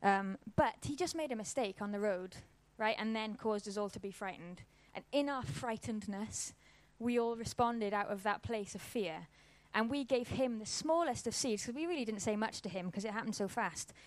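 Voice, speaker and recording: A woman's voice: mid-range voice, normal speed, few pauses, no echo. A woman, giving an informal church talk and telling a personal story in a casual, conversational way. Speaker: church speaker.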